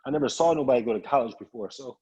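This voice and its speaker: A man from Chicago, a guest speaker telling a personal story in an animated way and acting out the voices of the people in it. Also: medium pitch, racing, breathy edge, muffled recording. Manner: animated, acts out quoted voices of family and friends.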